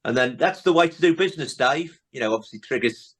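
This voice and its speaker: A man's voice: mid-range voice, animated, quick pace, a bit bright. A man hosting a podcast, chatting casually and retelling comedy scenes with many tag questions. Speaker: podcast host. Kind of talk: casual chat.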